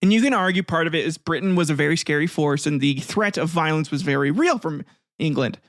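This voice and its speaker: A man's voice: fairly high pitch, fairly quick, no echo, studio quality. A man hosting a casual comedy history podcast, rambling and swearing, laughing often as he retells events. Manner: profane, rambling, laughs often, acts out voices. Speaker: podcast host.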